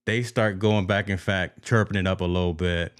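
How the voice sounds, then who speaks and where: A man with a low voice hosts a sports talk show, telling stories in an animated, chatty way and calling the listeners folks. The sound is dry and close, with no room around it. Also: moderate pace, clear, resonant tone, no echo. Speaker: podcast co-host.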